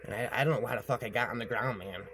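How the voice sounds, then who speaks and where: A man's voice: medium pitch, very fast, a bit bright, a little hiss or hum. A man telling a rambling story aloud, often repeating himself and tagging lines with "man". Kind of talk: rambling spoken horror story.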